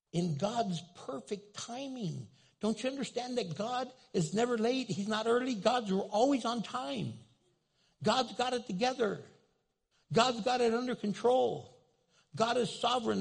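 A man's voice: very high voice, vocal fry, breathy edge. A man preaching a sermon in a church, telling a story with humor and asking his listeners questions. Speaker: pastor.

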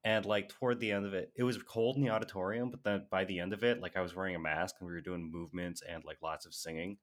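A man's voice: low-pitched, steady tone, fast. A young man co-hosting a podcast, telling stories in casual chat, laughing often and using lots of fillers. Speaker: podcast co-host and music teacher.

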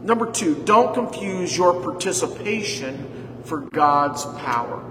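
A man's voice: sits high, animated, measured pace, background noise. A male pastor preaching a sermon, stressing points by repeating them and putting questions to the congregation. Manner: emphatic preaching with repeated lines and rhetorical questions. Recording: echoey hall with long reverb.

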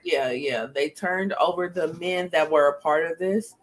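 With a deep voice and a measured pace, she hosts a laid-back podcast. Her talk is open and chatty, peppered with ums and regular bursts of laughter.

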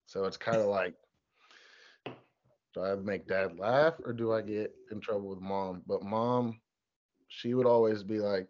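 A young man in his twenties, a college football player, telling stories in a relaxed, chatty interview. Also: fairly low pitch, unhurried, pauses often. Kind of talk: casual interview. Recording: dull lo-fi sound.

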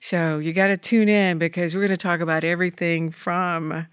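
A woman's voice: lowish voice, flat delivery, normal speed, smooth, no room sound, studio quality. A woman hosting a casual podcast chat, upbeat and leading the talk, laughing often. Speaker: podcast host.

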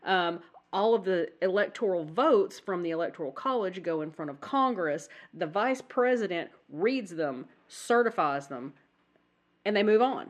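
A woman co-hosting a casual podcast chat while sick with the flu, coughing now and then, chatty and quick to laugh. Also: on the low side, expressive, lo-fi sound. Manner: chatty, rambling, laughs easily. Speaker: podcast co-host.

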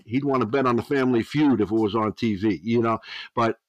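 Storytelling older baseball coach, dry sound. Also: male voice, mid-range voice, fairly quick, no echo, lo-fi sound. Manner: rambling storyteller, frequent restarts and 'you know'. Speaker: guest, veteran pitching coach. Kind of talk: storytelling podcast interview.

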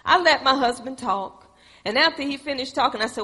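Husky-voiced woman preaching in a hall. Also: high-pitched, brisk, bright, forceful tone. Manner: call-and-response preaching, folksy storytelling. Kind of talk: sermon. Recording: echoey hall with long reverb.

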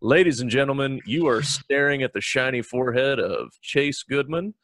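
A man's voice: medium pitch, expressive, moderate pace, fairly bright tone. A man hosting a podcast, teasing his guests with crude jokes in casual banter. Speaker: podcast host.

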